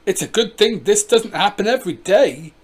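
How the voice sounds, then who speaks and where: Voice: medium pitch, expressive, normal speed, breathy edge. A storybook reader voicing a friendly, chatty village wife who offers tea. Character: postman's wife, bright and hospitable.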